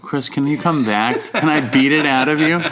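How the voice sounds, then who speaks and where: A man's voice: fairly high pitch, normal speed, a loud crowd. A man co-hosting a casual podcast, telling rambling, nervous stories and acting out other people's voices. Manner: nervous, rambling storyteller who acts out voices. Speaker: podcast co-host. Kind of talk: casual chat with comic impressions.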